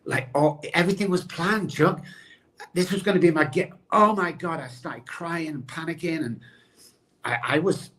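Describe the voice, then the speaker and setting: A middle-aged man, a podcast guest and addiction recovery expert, telling his own story in an animated way and addressing the host by name. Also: fairly high pitch, moderate pace. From England.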